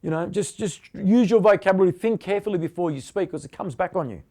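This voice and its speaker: Punchy high-voiced motivational man. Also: fast, dark tone. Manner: punchy, blunt, repeats short commands. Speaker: motivational host. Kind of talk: motivational talk answering viewer questions.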